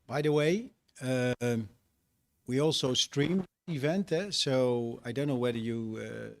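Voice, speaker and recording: A man's voice: medium pitch, measured pace, vocal fry. A male teacher addressing a ceremony, hesitant and searching for words.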